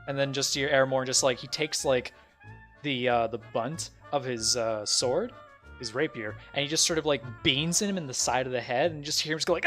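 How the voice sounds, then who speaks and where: A man's voice: mid-range voice, fairly even intonation, quick pace, a bit bright, soft background music. A man narrating as game master, rambling loosely with many fillers.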